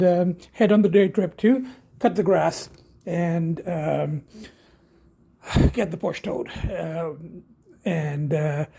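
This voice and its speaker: Vlogger, male, mellow and husky, chatty and meandering, drifts into soft cooing for his pets. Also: fairly high pitch. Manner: rambling, hesitant, many fillers; coos softly to his cats. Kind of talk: casual video diary. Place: home bedroom.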